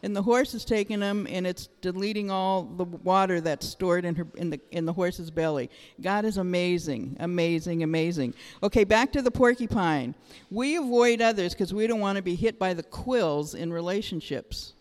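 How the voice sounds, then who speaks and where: A woman's voice: lowish voice, moderate pace, darkish tone. A middle-aged woman preaches to her congregation, chatty and openly emotional, tossing questions out to the pews. Her voice carries a long, lingering reverb from the church hall around her. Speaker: church speaker. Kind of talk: sermon. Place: church sanctuary.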